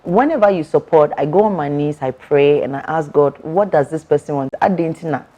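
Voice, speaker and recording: A woman speaks in a low voice with an emphatic, preacherly style. She repeats words for effect as she gives a testimony during an interview. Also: fairly quick, mellow. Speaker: author and guest.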